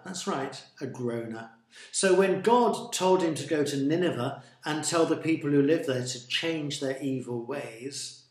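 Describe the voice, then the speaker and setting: A man telling a Bible story for a church reflection in a slow, deliberate, expressive way. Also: a little high, echoey room.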